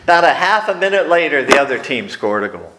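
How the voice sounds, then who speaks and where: A man preaching a sermon, telling wry personal stories and slipping into quiet asides, recorded in a church hall. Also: on the high side, big pitch swings, fast talker. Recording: echoey room.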